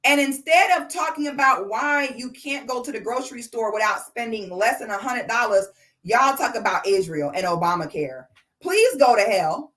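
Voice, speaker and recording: A woman's voice: fairly high pitch, lively intonation, moderate pace, a bit bright. A woman, ranting bluntly and sassily on a livestream. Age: 30s. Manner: blunt, sassy, profane. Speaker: livestream host. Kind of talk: casual commentary rant.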